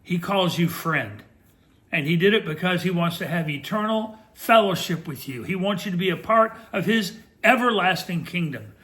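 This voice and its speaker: A man preaching on a Christian talk show, earnest and emphatic. His voice is bright and forceful, sitting a little high for a man. He leans on key words and slows down to drive each point home. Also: expressive. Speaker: Christian TV co-host.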